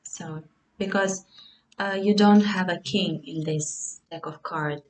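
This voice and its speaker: Lady doing a tarot reading, slow and hesitant, lowish voice, bit far from the mic. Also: steady tone. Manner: slow, musing, hesitant with many fillers. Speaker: tarot reader. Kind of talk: casual tarot reading to camera.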